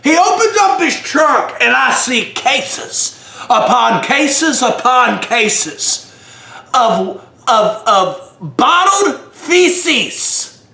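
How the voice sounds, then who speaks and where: A man telling a comic story as a retired state trooper, shouting loud, profane rants. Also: extremely high pitch, big pitch swings, very slow, gravelly. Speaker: comedic hot sauce reviewer playing a retired state trooper. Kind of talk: comedic storytelling. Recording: roomy echo.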